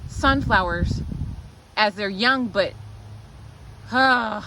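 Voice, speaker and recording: A woman's voice: fairly low pitch, lively intonation, unhurried, pauses often, a bit bright, slight background noise, rough recording. A woman with a Southern American accent vlogging in her outdoor garden, talking straight to the critters and airing her frustration. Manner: exasperated, talks to garden critters. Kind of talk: casual garden vlog.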